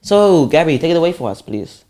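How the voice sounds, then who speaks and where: A man's voice: a little high, big pitch swings, a little fast, mellow. A young man co-hosting a podcast in casual chat, laid-back and slangy, opening lines with "yo" and "like". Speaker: podcast co-host.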